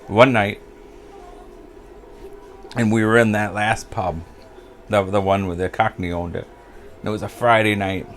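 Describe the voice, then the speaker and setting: A man's voice: lowish voice, steady tone, measured pace, pauses often, fairly bright tone. An older American man chatting casually and telling pub stories, rambling, chuckling and losing track of names. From United States. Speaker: vlogger. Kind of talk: casual storytelling chat.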